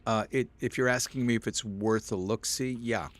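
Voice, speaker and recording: A young man live-streaming a game, chatting with viewers and reading chat aloud, easily excited. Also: medium pitch, normal speed, no room sound.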